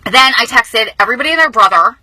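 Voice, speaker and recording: A woman vlogging from a car, telling news in a casual, emotional and excited way, often speeding up. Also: on the high side, rough recording. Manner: excited, emotional, talks fast in bursts. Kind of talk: casual vlog storytelling. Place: inside a car.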